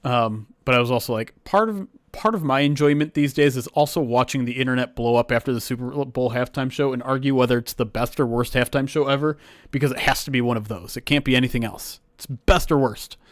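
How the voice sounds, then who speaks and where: A man hosts a livestream, calling plays from a simulated football game in a loose, chatty way. His voice sits at an ordinary middle pitch, and he breaks into loud, excited outbursts when something goes wrong. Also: a little fast, no room sound, clean studio sound. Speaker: livestream host. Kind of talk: casual play-by-play and chat.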